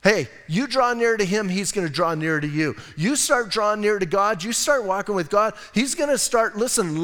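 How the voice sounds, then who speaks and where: Heard with a long reverb tail, a man delivers a sermon as pastor, urging the congregation again and again to "listen." His delivery is emphatic, shifting from loud outbursts to quiet, low-voiced asides.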